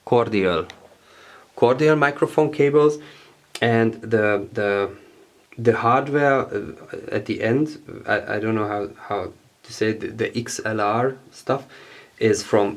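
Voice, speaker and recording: A man whose first language is German, casually showing his home studio gear, halting with many fillers and repeats as he searches for English words. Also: fairly low pitch.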